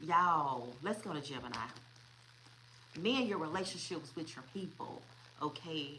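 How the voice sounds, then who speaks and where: Woman, tarot reader, chatty, repetitive, low-pitched, faint background hiss. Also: expressive, unhurried, sharp tone, poor audio. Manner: chatty, repeats herself, laughs often. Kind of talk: casual tarot reading.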